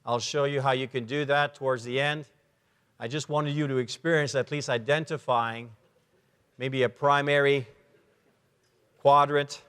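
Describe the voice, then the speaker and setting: A man giving a lively talk at a men's conference, acting out short dialogues and sound effects as he explains. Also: medium pitch, unhurried, long pauses, clean tone. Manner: animated, acts out little dialogues and sound effects. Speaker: conference speaker. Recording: long reverb of a large hall.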